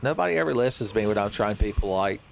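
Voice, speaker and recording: A man's voice: on the low side, lively intonation, very fast, creaky, a little hiss or hum. A man giving joking, rambling commentary while he plays a horror game, often laughing at his own jokes. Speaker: streamer playing a horror game.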